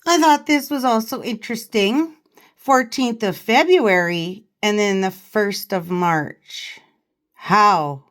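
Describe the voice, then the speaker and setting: A woman's voice: medium pitch, slow pace, fairly bright tone. A woman vlogger in casual commentary, giggly and laughing often as she reads and reacts. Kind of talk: casual commentary reading a parody.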